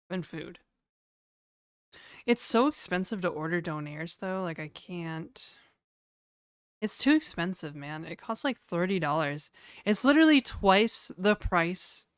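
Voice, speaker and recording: A woman's voice: on the low side, animated, a little slow, pauses often, dry recording, studio quality. Rambling woman livestreaming. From New Brunswick, Canada. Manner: rambling, joking, laughs often. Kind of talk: casual livestream chat.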